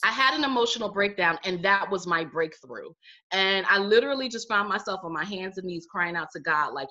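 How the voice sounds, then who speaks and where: A woman's voice: medium pitch, expressive, normal speed, pushed and bright. A middle-aged woman, a life coach, telling her own story in a casual interview and acting out what people said. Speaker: guest, life coach and healer. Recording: muffled lo-fi audio.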